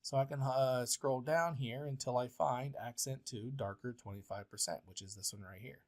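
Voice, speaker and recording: Male instructor, mid-pitched, patient step-by-step screen-recorded tutorial delivery. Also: moderate pace. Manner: step-by-step, plain and patient, with frequent uh fillers. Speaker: professor. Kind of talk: software tutorial walkthrough.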